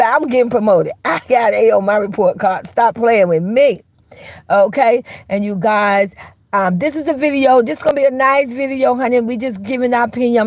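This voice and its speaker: A woman hosting a casual live stream, sassy and teasing, calling listeners baby and honey and laughing often. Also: darkish tone. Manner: laughs often, jumps into high squeals. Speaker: host of a live gossip channel.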